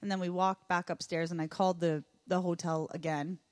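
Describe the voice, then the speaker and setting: A young adult woman, a podcast guest, telling a travel mishap story in an animated way and acting out her own panicked lines. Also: lowish voice, fairly quick, dry recording. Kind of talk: casual storytelling chat.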